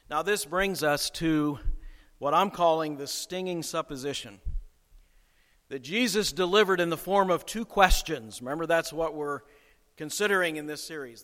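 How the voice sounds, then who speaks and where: A man's voice: a little high, a bit bright, long reverb tail. A man preaching a sermon as pastor, conversational and emphatic, with chuckles along the way.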